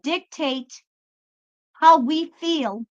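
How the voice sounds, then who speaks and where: A woman's voice: sits high, drawn-out words. A woman hosting a spiritual pep talk, blunt and profane, swearing freely and with emphasis. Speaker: tarot reader and spiritual channel host. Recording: slightly dull lo-fi sound.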